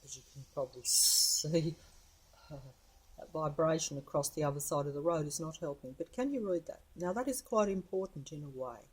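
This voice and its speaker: A woman's voice: sits low, normal speed, darkish tone, breathy edge. A woman rambling to the camera of her handheld phone outdoors on a residential street, chatting as she films. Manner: chatty, meandering, talks to camera and to her cat. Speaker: vlogger.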